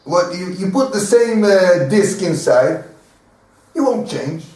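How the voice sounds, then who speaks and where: Animated rabbi man in an echoey room. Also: sits high, takes it slowly, recorded from a distance. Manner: animated, repeats words, acts out little dialogues with laughs. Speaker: rabbi teaching a class. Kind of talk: informal Torah lesson.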